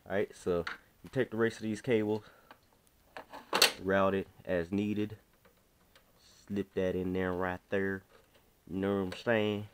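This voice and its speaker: A man's voice: low voice, little pitch movement, takes it slowly, pauses often, a little hiss or hum. A man casually talking through a hands-on repair tutorial, slangy and chatty, talking to himself as he works. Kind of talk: casual how-to narration while working.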